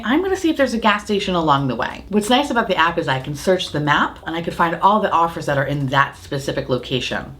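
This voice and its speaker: A young adult woman talking casually to camera in a sassy, loud and playful way. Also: on the low side. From United States. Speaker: makeup vlogger.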